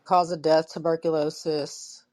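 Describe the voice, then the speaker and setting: A woman on a podcast, casually reading facts off a screen, with fillers and pauses as she looks things up. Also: sits low, little pitch movement, darkish tone, dry recording. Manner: reads out facts haltingly with fillers.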